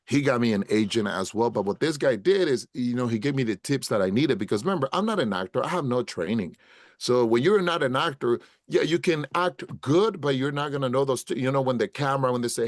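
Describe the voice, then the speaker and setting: A man's voice: mid-range voice, a little fast, no echo, studio quality. A middle-aged man telling a story in a casual podcast interview, acting out what people said and calling the host "bro" and "brother". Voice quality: street slang. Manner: animated storyteller, acts out quotes, says "bro" and "brother" often. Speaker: podcast guest, actor.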